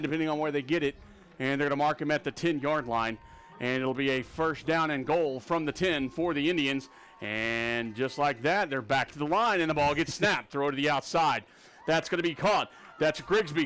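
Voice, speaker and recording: A man calling a live high school football game play by play, rapid and excitable on big plays, with a Texan accent. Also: soft background music. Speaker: play-by-play announcer.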